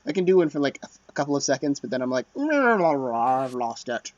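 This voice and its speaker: Man, casual game commentary, mutters to himself, slightly high voice, dry close sound. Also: racing, dark tone, dry recording. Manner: chatty, self-deprecating, mutters under breath. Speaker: let's play commentator. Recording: dull lo-fi dry mic.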